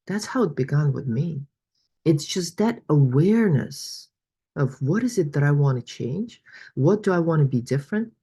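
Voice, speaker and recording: A woman's voice: low-pitched, dark tone, breathy edge. A woman coach leading an online workshop and telling stories in an encouraging way, with many fillers, on a video call. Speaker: money coach.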